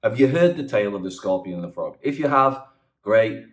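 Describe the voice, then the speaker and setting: A man's voice: lowish voice, animated, brisk. A man giving earnest, rambling advice in a casual vlog monologue, often restarting his sentences. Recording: echoey room.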